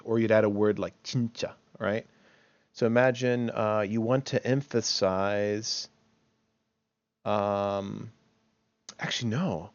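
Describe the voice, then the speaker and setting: In a recorded online lecture, a man with a lowish voice teaches English grammar, heard through a dry, dull recording. He's chatty and thinks aloud, often checking in with "right?" and correcting himself along the way.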